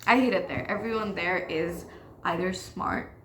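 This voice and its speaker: A woman's voice: on the low side, moderate pace, reverberant, slight background noise. A teenage girl hosting her own podcast, ranting frankly and self-deprecatingly in casual talk, swearing freely. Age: teens. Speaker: podcast host. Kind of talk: casual confessional rant.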